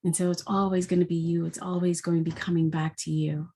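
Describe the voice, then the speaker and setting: A woman's voice: lowish voice, little pitch movement, a little fast, mellow, husky. A woman giving a spiritual daily energy forecast in a reflective, unscripted way. She asks many rhetorical questions and often says "like".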